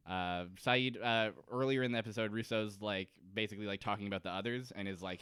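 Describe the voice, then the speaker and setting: A man co-hosting a podcast, casually recapping a TV episode and acting out characters' lines in quick put-on voices. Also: lowish voice, fairly even intonation, fairly bright tone, clean tone, no echo, clean studio sound. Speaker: podcast co-host.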